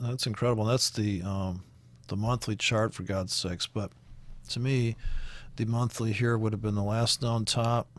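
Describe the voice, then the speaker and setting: A man's voice: lowish voice, fairly bright tone. A man with a Canadian accent talking through currency charts in a casual, rambling way, with many fillers and restarts. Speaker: forex trading commentator. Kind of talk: casual screen-share chart walkthrough.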